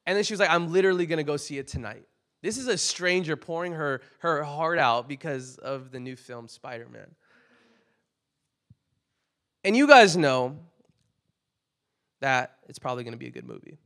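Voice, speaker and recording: A young male preacher with a slightly high voice talks to his congregation in a relaxed, chatty way. He leans on filler words, then swells into loud, emphatic bursts on his key points. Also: moderate pace, pauses often. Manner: conversational, many "like" fillers, rising to loud emphatic peaks. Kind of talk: casual sermon.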